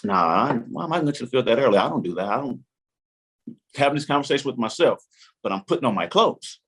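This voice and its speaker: A man's voice: mid-range voice, lively intonation, fast talker, fairly bright tone, breathy edge. A man in his forties telling a long story as a podcast guest, acting out his own inner voice and the lines of others. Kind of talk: animated storytelling.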